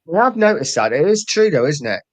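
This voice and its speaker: A man's voice: a little high, very animated, fairly quick. A middle-aged man, hosting a podcast in casual chat and easily prompting the others to talk. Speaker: podcast host.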